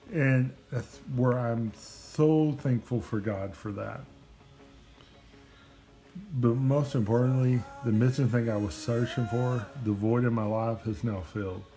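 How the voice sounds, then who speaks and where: A man's voice: mid-range voice, mellow. A man giving a personal testimony to a camera, earnest and emotional, often repeating himself.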